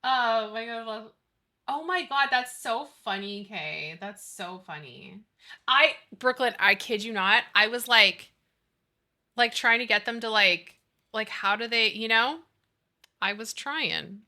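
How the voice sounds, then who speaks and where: A woman's voice: fairly high pitch, animated, measured pace, bright, forceful tone. A woman in her thirties chatting casually and animatedly with her live chat, giggling and gushing as she talks. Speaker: streamer.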